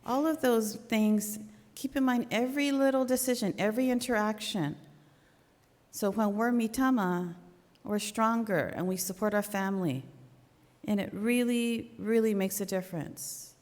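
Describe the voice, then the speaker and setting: A woman's voice: mid-range voice, normal speed, darkish tone. A middle-aged woman giving an informal, earnest sermon talk in a conversational way. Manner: earnest, conversational, with small restarts. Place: church hall. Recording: long hall reverb.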